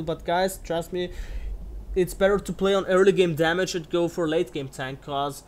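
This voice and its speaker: A man's voice: high-pitched, moderate pace. A young man giving angry, swearing commentary over his own online game match. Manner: angry ranting, heavy swearing. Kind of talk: gameplay commentary.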